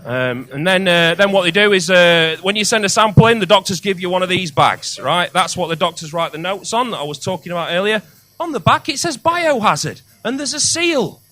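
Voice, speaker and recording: A male comedian doing a crude stand-up set on a comedy club stage, with loud outbursts on the punchlines. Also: high voice, a little fast, no echo.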